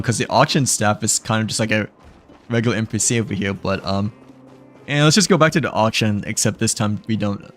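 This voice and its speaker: A man giving casual gameplay commentary, rambling with many fillers and little chuckles. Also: on the low side. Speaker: gamer.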